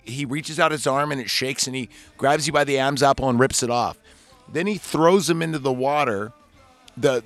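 A man hosting a podcast, chatting casually and swearing a lot as he retells a movie in a loose, rambling way. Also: medium pitch. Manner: rambling, profane, animated retelling. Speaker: podcast host reviewing a movie. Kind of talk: casual chat.

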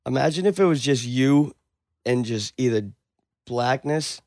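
In a casual chat, a man with a medium-pitched voice unhurriedly retells a story, animatedly acting out the dialogue and swearing a lot. The recording is studio quality with no room sound.

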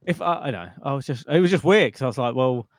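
A man's voice: medium pitch, animated, quick pace, no echo. A man co-hosting a podcast, telling a story in a casual, rambling way with lots of restarts. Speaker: podcast co-host. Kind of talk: casual chat.

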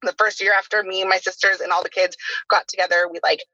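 Woman, 30s, podcast host, casual chat, rapid talk, lots of "like" fillers, dull lo-fi audio. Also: mid-range voice, level tone, bright, forceful tone, no room sound. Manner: chatty, heavy use of "like" fillers. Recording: dull lo-fi sound.

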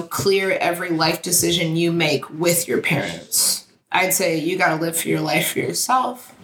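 Thirtysomething woman cohosting, jokey and animated, a bit low, roomy echo. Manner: animated, joking storyteller. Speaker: podcast co-host. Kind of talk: casual chat. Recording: echoey room with faint noise.

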